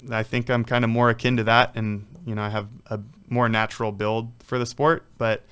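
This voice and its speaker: A man's voice: mid-range voice, level tone, brisk, a bit bright, clean tone. A man, a professional athlete, talking casually in an interview, rambling through stories with lots of "like" and "you know.". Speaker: guest, professional water polo player.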